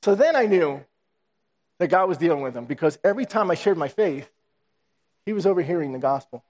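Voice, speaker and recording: Man, preacher, high-pitched, animated storytelling sermon, reverberant church hall. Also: a little fast. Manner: animated storytelling, acting out dialogue in a raised voice. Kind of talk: sermon with personal testimony. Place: church sanctuary.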